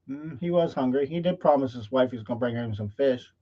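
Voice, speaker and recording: Speaking quickly with few pauses, a male host with a warm, mid-range voice tells a folksy motivational story on a live stream, often checking in with "okay?" The audio is dull lo-fi livestream sound.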